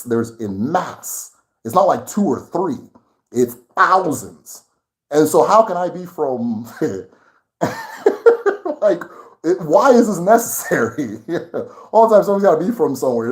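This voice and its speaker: Brief: male host with a Nigerian English accent, casual chat, excitable, laughs a lot, mid-pitched voice. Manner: animated, worked up, laughing often. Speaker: channel host.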